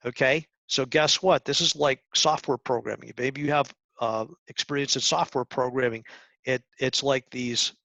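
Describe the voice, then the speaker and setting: A middle-aged man giving a talk to high school students, coaching earnestly with restarts and acted-out examples. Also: steady tone, normal speed, vocal fry, bright, forceful tone, no echo. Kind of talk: presentation talk. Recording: dull lo-fi sound.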